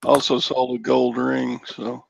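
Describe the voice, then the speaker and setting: A man's voice: mid-range voice, monotone, unhurried, creaky, a little hiss or hum, low-quality recording. A man on a group video call, chatting plainly in casual talk. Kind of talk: casual chat.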